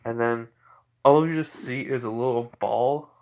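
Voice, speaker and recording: A man's voice: mid-range voice, a little slow, darkish tone. Casual rambling man telling a story. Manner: rambling, many fillers and restarts. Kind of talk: casual fan-fiction narration.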